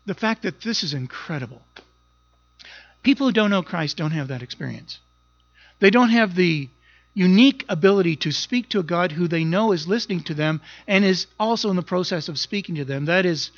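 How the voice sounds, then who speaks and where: A man's voice: sits high, fairly bright tone, dry recording, dull audio. A pastor preaching a sermon, earnest and emphatic, often repeating words as he goes.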